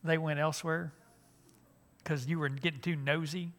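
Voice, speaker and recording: A man's voice: a little high, fairly even intonation, moderate pace, fairly bright tone. An older man, giving a folksy, joking talk at a church conference, with frequent restarts. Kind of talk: humorous seminar talk.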